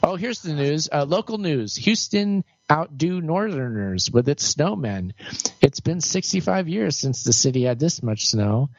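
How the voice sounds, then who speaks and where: A man's voice: on the high side, sing-song, measured pace, dull audio, a little hiss or hum. A man co-hosting a casual live-stream podcast, chatting loosely and rambling with lots of fillers. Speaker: podcast co-host.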